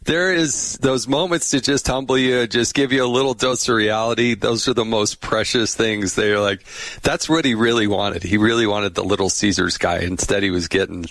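A man's voice: lowish voice, normal speed, no room sound. A middle-aged man hosting a political podcast, chatting casually and telling funny anecdotes. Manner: chatty, tells funny anecdotes with animated quoted voices. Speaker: podcast host.

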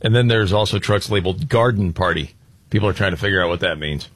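Low-voiced man bantering on talk radio. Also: quick pace, a bit bright, slightly rough, dry recording. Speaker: radio talk show co-host.

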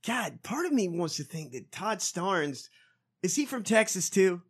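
A man co-hosting a podcast, animated and profane, reacting loudly and laughing often. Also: high voice, measured pace, slightly rough. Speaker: podcast co-host. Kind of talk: casual chat.

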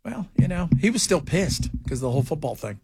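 A radio talk host, a man with a high, gravelly voice that swings all over as he jokes and banters with his co-hosts. He laughs often and tosses in quick asides. He is on a studio mic in a dry booth. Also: sing-song, dark tone, no room sound.

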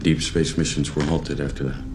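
An actor playing a quiet, restrained male astronaut major in a film scene. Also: extremely low pitch, little pitch movement, normal speed. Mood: subdued. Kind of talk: film dialogue.

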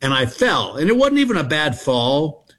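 A Texan comedian in his sixties rambles through laid-back, self-mocking stories as a guest in a casual interview. His voice is fairly high and a bit bright, very animated, at a normal speed.

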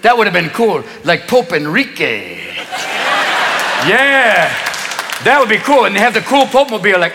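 High-voiced man doing punchy stand-up. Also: big pitch swings, over a noisy crowd, very noisy. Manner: rapid-fire, shouting punchlines, slipping into voices. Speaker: stand-up comedian. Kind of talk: live stand-up routine. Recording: big echoey hall with live audience.

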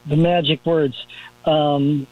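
A man's voice: fairly high pitch, little pitch movement, slow pace, no echo. Chatty male caller over a muffled phone. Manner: chatty storyteller, laughs, hesitant fillers. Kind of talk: casual phone call. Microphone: cell phone.

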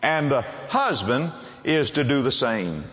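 Preacher, male, mid-pitched, animated delivery, emphatic, asks rhetorical questions; church hall with long echo. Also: measured pace. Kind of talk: sermon.

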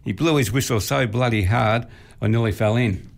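A man's voice: medium pitch, normal speed, vocal fry, heavy background noise. A man, co-hosting a casual chat and telling jokes in a storytelling manner. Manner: storytelling, chuckles mid-joke. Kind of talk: casual joke-swapping chat.

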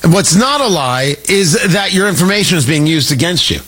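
A man's voice: a little high, lively intonation, a bit bright, slightly rough. A man hosting a political talk radio show, delivering an emphatic, combative monologue. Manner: combative, emphatic, rapid asides.

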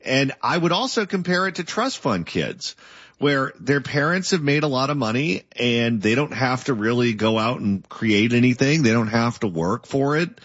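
A man's voice: medium pitch, expressive, normal speed, a bit bright, breathy edge, no echo. A man hosting a political interview, who lays out long lists of points before he asks his question. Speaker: interview host. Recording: dull lo-fi sound.

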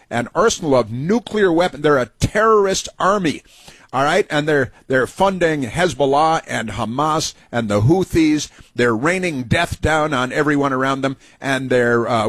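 A male talk radio host rambles through a sarcastic monologue, stumbling over fillers and restarts. His voice is husky and the sound is dry and close. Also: medium pitch, a bit bright, no room sound.

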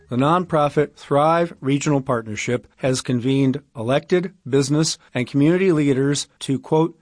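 A man introduces a segment on local radio in a crisp, scripted read. The studio sound is dry and close. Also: mid-range voice, no room sound. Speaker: radio program host.

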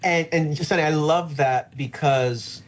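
A pastor speaks earnestly and reflectively in an interview about faith, slowing down to stress key phrases. His voice is a little high.

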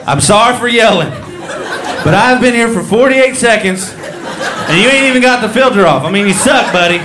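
A man voicing an impatient, hotheaded male race driver who yells and then gives a fake apology. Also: sits high, expressive, moderate pace, echoey room, crowd noise, voice pushed up. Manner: yelling, fake-apologetic, cocky. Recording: noisy live club recording.

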